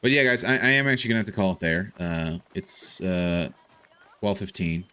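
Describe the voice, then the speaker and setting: A man's voice: sits low, animated, moderate pace, pushed and bright, smooth. A man streaming a video game, chatting casually and thinking aloud with frequent restarts and filler. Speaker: gaming streamer. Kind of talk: casual live gameplay commentary.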